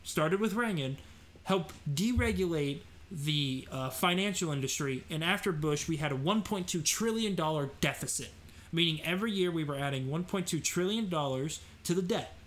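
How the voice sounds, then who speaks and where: A man's voice: fairly high pitch, expressive, normal speed. A man hosting a live political commentary show, talking in an opinionated, rambling way with many fillers and restarts. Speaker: host.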